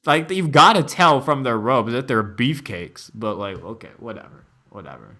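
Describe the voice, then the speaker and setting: A man's voice: medium pitch, expressive, moderate pace, over loud music. A man streamer giving casual reaction commentary, laughing often and joking around.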